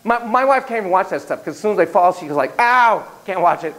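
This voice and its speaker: A man lecturing in a classroom, his voice sitting a little higher than most men's. He delivers the lesson theatrically and swings between quiet asides and sudden exclamations. He keeps putting questions to the class, with a faint hiss of noise under the recording. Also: fast, rough recording. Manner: animated, theatrical, jumps between hushed and exclaiming.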